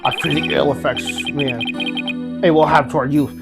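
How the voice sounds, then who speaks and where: A woman's voice: deep voice, steady tone, moderate pace, gravelly, voice pushed down. A woman voicing a towering, stern male mayor with a pompous, formal way of speaking, reading game dialogue aloud. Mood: solemn. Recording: loud game music behind.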